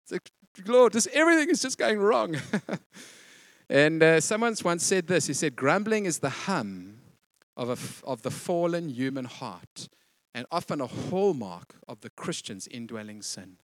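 A pastor preaches in a casual, conversational way, acting out little voiced asides. His voice sits high and swings widely in pitch. The sound is dry and close, with no room echo. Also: sing-song, unhurried. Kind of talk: sermon.

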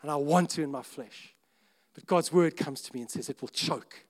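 A man preaching a sermon in an earnest, conversational way, breaking off to restart sentences and suddenly getting louder. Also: a little high, moderate pace. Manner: earnest, conversational, with self-interrupting restarts and sudden rises in volume. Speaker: pastor.

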